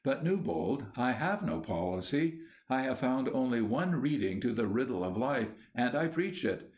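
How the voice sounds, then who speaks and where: A man voicing an aging, gentle bishop who speaks in a soft, measured, sorrowful way. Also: medium pitch, very animated, natural voice. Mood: wistful. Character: aging gentle male bishop, wistful and tired.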